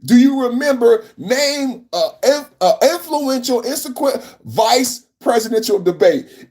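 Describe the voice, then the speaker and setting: A man hosting a live political podcast, talking in a mocking, animated way that repeats his points over and over. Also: high voice. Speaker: podcast host. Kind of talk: live-stream political commentary.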